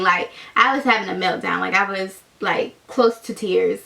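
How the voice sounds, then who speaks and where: Young woman, chatty storytime vlog, bright voice, lots of likes and ums. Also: medium pitch, moderate pace, creaky, hardly any pauses. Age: young adult. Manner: chatty, animated storytelling with many fillers. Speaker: vlogger.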